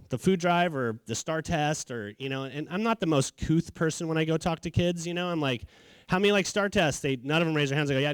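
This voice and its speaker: A middle-aged man talks in a casual, animated way and acts out the voices of the people in his stories. His voice sits a little high. The sound is dry and close, with no room echo. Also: clean tone. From California. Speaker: charity founder, speaker. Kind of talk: storytelling talk.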